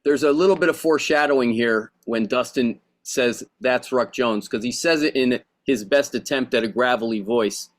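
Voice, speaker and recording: Calm man explaining a scene. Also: medium pitch, normal speed, hardly any pauses. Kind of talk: rehearsal notes.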